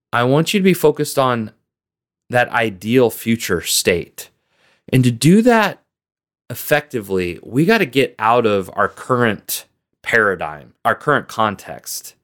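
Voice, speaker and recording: A man hosting a motivational podcast, speaking earnestly and directly to the listener as a business coach, with steady repeated emphasis. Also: medium pitch, a little slow. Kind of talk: motivational solo podcast talk.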